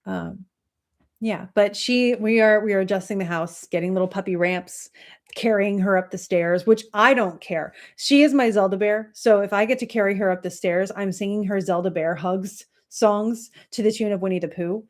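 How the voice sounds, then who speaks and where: A woman's voice: mid-range voice, moderate pace. Chatty woman hosting a livestream. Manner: chatty and rambling, many fillers and soft laughs. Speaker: astrology livestream host. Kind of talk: casual chat with viewers.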